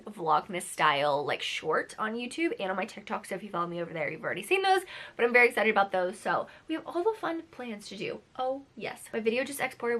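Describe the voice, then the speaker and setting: A woman's voice: on the high side, sing-song, fairly quick, bright, forceful tone. A young woman vlogging casually at home, chatty and rambling with lots of "like". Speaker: book vlogger. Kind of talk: casual vlog chat.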